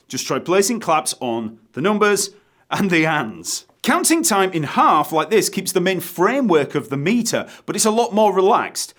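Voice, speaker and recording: Man counting beats in a bass lesson. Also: slight background noise. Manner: counts beats aloud slowly and rhythmically; relaxed, explanatory, with fillers. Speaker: bass teacher. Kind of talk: online music lesson. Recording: bass guitar playing behind the voice.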